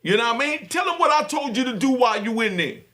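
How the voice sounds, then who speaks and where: A middle-aged man talking to his viewers with fervent, preaching passion and bursts of shouting. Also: extremely high pitch, expressive, fast. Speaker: host. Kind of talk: impassioned talk to viewers.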